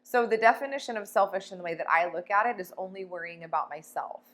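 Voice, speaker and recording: A woman coach talks straight to camera in a casual motivational vlog, blunt and full of swearing. Her voice sits at an ordinary middle pitch, and she hits her points with emphatic force. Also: quick pace, a bit bright. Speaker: life coach.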